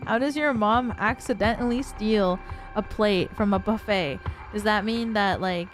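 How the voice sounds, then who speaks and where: A woman's voice: medium pitch, a little slow, soft background music. A woman streamer chatting casually with viewers, giggly and rambling with lots of fillers.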